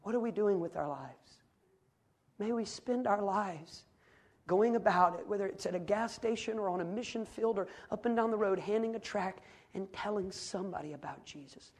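A man's voice: high voice, moderate pace. Man preaching a sermon. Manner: storytelling, rising to fervent shouted preaching.

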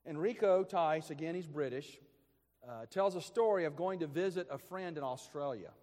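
A man's voice: a little high, moderate pace, darkish tone. A male pastor delivering an earnest, emphatic sermon during a morning service. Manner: earnest, emphatic preaching with repetitions. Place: church sanctuary. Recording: long reverb of a church hall.

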